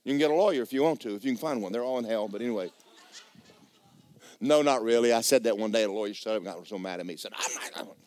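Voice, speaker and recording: A male pastor preaching a sermon with animated, folksy, joking storytelling. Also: medium pitch, racing, clear, resonant tone, no echo.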